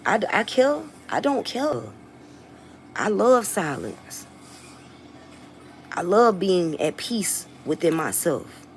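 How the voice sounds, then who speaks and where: With a fairly low pitch, this Southern-accented mother, a rapper and vlogger, talks straight to her audience, very animated but slow, leaving long pauses. She's blunt, defiant, and swears a lot. The low-quality recording carries a little hiss or hum.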